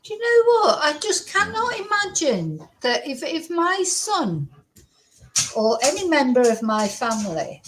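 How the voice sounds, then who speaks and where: A woman hosting a true crime channel, talking casually and reacting in an animated, incredulous way, often repeating herself. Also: high-pitched, unhurried, a little hiss or hum, poor audio. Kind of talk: reacting to played clips, casual commentary.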